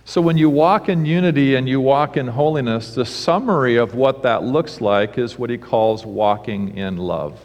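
A man's voice: mid-range voice, moderate pace, hardly any pauses, darkish tone. A man preaching a sermon as pastor, telling a humorous story and then teaching, in a preacherly storytelling manner. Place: church sanctuary. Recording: church sanctuary with long reverb.

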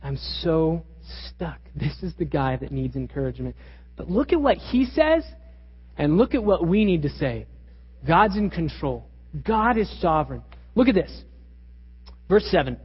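Husky high-voiced man preaching in a hall. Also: sing-song, normal speed, pauses often. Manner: emphatic preaching with rhetorical questions. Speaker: pastor. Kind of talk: sermon. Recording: reverberant, dull lo-fi hall recording.

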